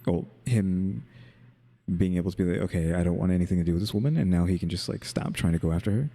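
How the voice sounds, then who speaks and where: This is a man co-hosting a casual commentary chat. His voice is low and gravelly with a husky grain. He muses aloud and poses wry rhetorical questions. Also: fast, dark tone. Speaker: co-host.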